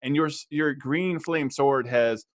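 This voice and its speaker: A man's voice: medium pitch, measured pace. A man narrating a tabletop game as dungeon master, describing the scene and laughing easily.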